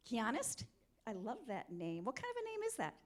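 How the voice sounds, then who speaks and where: Woman, high voice, motivational speaker, lively, conference talk, middle-aged. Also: normal speed. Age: middle-aged or older. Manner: energetic, coaxing audience volunteers. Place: conference hall.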